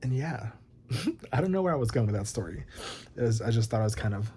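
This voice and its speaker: A man's voice: mid-range voice, lively intonation, fairly quick, mellow, breathy edge. A young man chatting casually to his viewers, rambling and swearing, with lots of "like". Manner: rambling, swears often, many likes. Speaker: vlogger. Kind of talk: casual chat to camera.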